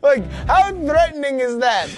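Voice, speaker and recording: A man's voice: very high-pitched, big pitch swings, unhurried, over music. A man co-hosting a casual comedy commentary on a video, wisecracking and sarcastic. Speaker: co-host.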